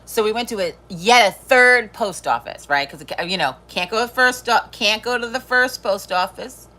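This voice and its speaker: Bright-voiced, foul-mouthed woman host. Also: mid-range voice, moderate pace. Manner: blunt, swears freely, laughs often. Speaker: livestream host. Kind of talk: casual live-stream chat.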